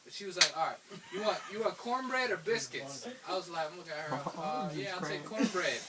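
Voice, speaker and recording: A young man with a high voice recounts a road trip in a loose, chatty way, breaking into laughter and acting out other people's lines. He sits well back from the mic, and a loud hiss runs under everything. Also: a little fast. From Philadelphia area. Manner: laughs through his own story, mimics others. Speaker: storyteller. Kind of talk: casual anecdote told to friends. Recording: distant mic with loud background noise.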